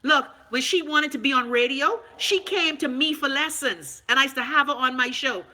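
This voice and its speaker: A Bahamian woman hosting a casual live stream, frank and animated, swearing freely and answering viewer comments. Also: sits high, moderate pace. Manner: loud, animated, talks back to viewer comments.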